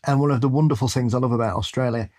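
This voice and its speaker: A man's voice: medium pitch, fairly even intonation, rapid-fire, darkish tone. A man co-hosting a spooky-stories podcast, jokey and rambling in casual chat, laughing often. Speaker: podcast co-host.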